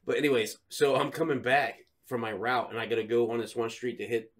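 A man's voice: medium pitch, fairly even intonation, brisk. A man co-hosting a podcast, telling a rambling, profane story and acting out his own thoughts. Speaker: podcast co-host. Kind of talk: casual storytelling.

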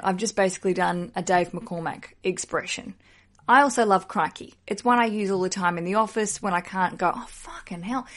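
A woman's voice: mid-range voice, a bit bright. An Australian woman hosting a podcast, chatting casually in a playful, self-deprecating way. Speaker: podcast host. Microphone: podcast microphone.

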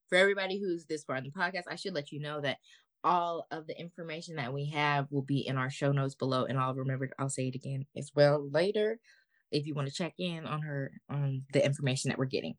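A woman with a low voice co-hosts a podcast, telling a story in an animated, slangy way and swearing freely. Her voice is close and dry, with no room sound around it. She talks casually. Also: no room sound. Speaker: podcast co-host.

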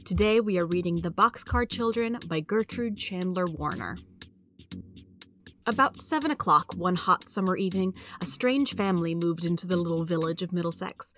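A woman hosting a reading podcast, reading a story aloud in a steady, clear storytelling manner. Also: on the low side, normal speed, faint music behind. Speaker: host and reader.

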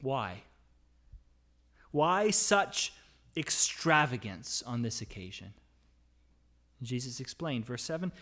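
A man preaches to his congregation, reading verses aloud and unpacking them. His voice sits at an ordinary middle pitch. He pushes key words up with force, then lets lines sink to a quiet close. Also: animated, measured pace, pauses often. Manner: expository preaching, reading scripture aloud and explaining it; dynamic delivery, rising for emphasis and dropping to soft, quiet phrases. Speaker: pastor. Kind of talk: sermon. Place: church.

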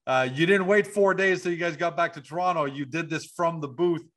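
A man's voice: fairly high pitch, fairly quick, fairly bright tone. Upbeat male interview host. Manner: upbeat, rambling with restarts. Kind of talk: interview over video call. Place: home at night. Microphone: video call.

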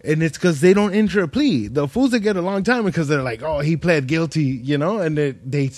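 A man's voice: on the high side, brisk, a little mellow, no room sound. A man hosting a podcast in casual chat, a slangy, profane storyteller who acts out the people he quotes. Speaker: podcast host.

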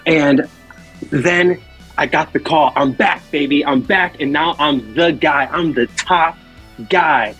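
Man playing a bragging wrestler, husky voice, rambling monologue. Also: on the high side, takes it slowly, fairly bright tone, soft background music, heavily acted. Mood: boastful. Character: self-important male wrestler bragging about his comeback.

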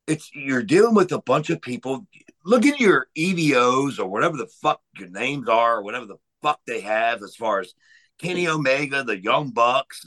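A man's voice: medium pitch, a bit bright, low-quality recording. A man on a podcast giving a heated, profane rant about pro wrestling. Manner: heated, profane, emphatic ranting.

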